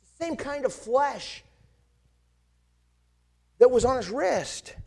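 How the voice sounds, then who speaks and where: A man's voice: very high voice, lively intonation, slow pace, gravelly, mellow, full character voice. A pastor playing the disciple Thomas, an earnest grown man, in a first-person dramatic sermon monologue, speaking with passion and turning to the listeners with searching questions. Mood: awed.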